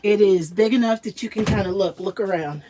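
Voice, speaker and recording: A woman's voice: mid-range voice, a little fast, warm tone, a little hiss or hum. A woman, likely a grandmother, giving a casual, homey walkthrough of her small camper while filming as she walks. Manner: chatty, homey, fond of the word little. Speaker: vlogger giving a camper tour.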